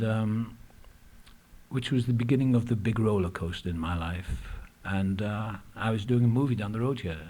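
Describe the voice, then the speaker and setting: In a meeting room, a man gives a personal recovery talk as an AA speaker, reflecting honestly on his story and pausing in frequent hesitation. He has a low, warm voice with a slight roughness.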